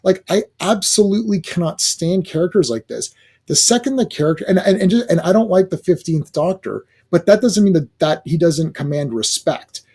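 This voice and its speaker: A man's voice: high-pitched, expressive, moderate pace, darkish tone, breathy edge. Rambling man ranting in a review. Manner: rambling, exasperated, many fillers and restarts. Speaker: video reviewer. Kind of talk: casual review rant.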